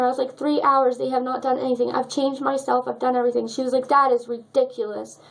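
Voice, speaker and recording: A woman's voice: sits high, little pitch movement, quick pace, gravelly, hardly any pauses, rough recording. A young woman telling a personal story in a vlog, emotional and choked up as she talks. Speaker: vlogger.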